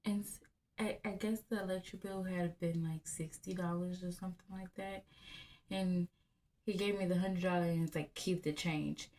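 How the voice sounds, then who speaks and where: A woman's voice: fairly low pitch, normal speed. Blunt, profane woman in her thirties. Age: 30s. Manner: blunt, profane, animated storytelling. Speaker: vlogger. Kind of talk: candid storytelling to camera.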